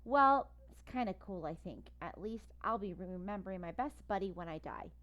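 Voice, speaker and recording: A woman reading a first-person children's story aloud with lively, expressive narration. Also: medium pitch, moderate pace. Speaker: audiobook reader.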